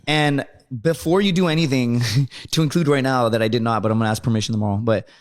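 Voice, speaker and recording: A man's voice: medium pitch, fairly even intonation, fast. A man guesting on a podcast, telling rambling, profane stories and tagging his lines with "right?". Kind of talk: casual storytelling.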